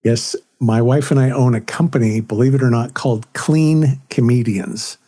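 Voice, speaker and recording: A man's voice: medium pitch, normal speed, warm tone. A man, a comedian and author, telling anecdotes and jokes as a podcast interview guest. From California, USA. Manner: anecdotal, tells jokes with quoted voices.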